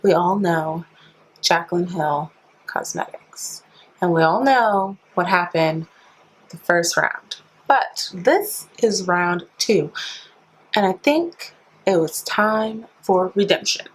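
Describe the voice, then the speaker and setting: A woman's voice: fairly low pitch, slow, slight background noise, low-quality recording. A woman beauty vlogger chatting casually through a product review, filling her talk with "like" and playful slang. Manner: chatty, says "like" constantly; playful slang, calls viewers sis and honey.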